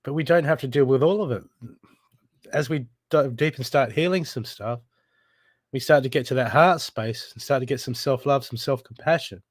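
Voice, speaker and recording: Pressing his listener to heal, a man gives a blunt, urgent live intuitive reading laced with swearing. As a spiritual reader he speaks at medium pitch and moderate pace, in a studio-quality recording without echo.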